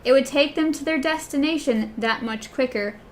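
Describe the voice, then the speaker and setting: A woman with a fairly high voice chats about a book with her co-host, hesitating as she compares passages. A faint hiss of background noise sits under her voice. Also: normal speed. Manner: compares her edition, reads short bits, hesitant. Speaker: podcast co-host. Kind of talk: casual book discussion.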